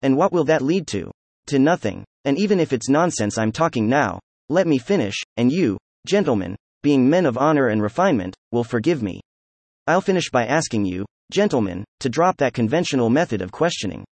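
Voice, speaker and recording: A man voicing an excitable, proud young nobleman under questioning, talking effusively and emphatically. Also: mid-range voice, fairly quick, dry recording. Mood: defiant.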